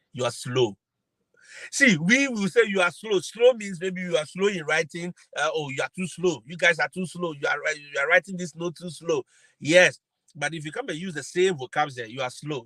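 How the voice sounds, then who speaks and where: A man giving advice on a live stream. He sounds preachy and insistent and keeps repeating his points. His voice is bright and forceful, a little higher than most men's, and recorded dry and close. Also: no echo, low-quality recording. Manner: preachy, emphatic, repeats phrases. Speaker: host giving advice to teachers.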